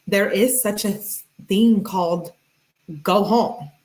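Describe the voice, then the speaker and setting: A woman's voice: mid-range voice, takes it slowly, a little mellow. A woman streamer reading text messages aloud, breaking in with sarcastic comments and thanking viewers in the chat. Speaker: true crime streamer.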